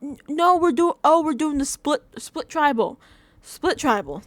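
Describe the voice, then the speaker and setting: A young woman recapping a reality show in a casual, animated rant, using a lot of filler and often laughing at her own exasperation. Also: sits high, normal speed, no echo. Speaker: vlogger reacting to a reality show.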